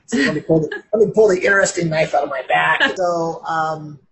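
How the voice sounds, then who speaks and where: A male author speaking in an interview, storytelling with animated delivery. He rises and falls in pitch and doubles back on phrases as he talks. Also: fairly quick, gravelly, a little hiss or hum, low-quality recording. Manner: expressive storyteller, acts out quoted voices, repeats words.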